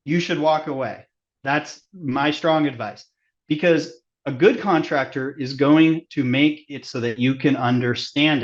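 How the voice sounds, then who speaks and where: A man's voice: fairly high pitch, lo-fi sound. A man giving earnest, emphatic legal advice as a construction attorney in an online workshop talk.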